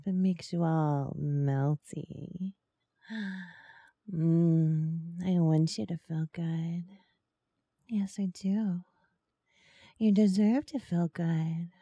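Woman, whispered role-play, husky breathy tone, rather low, soft coaxing murmurs, close mic. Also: fairly even intonation, extremely slow, no room sound. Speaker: ASMR role-play performer. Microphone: close microphone.

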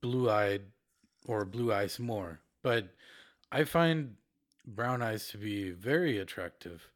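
A man's voice: fairly low pitch, takes it slowly. A young man cohosting a casual podcast chat, teasing, swearing freely and sighing between lines. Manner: crude, teasing, swears often, sighs. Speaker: podcast co-host.

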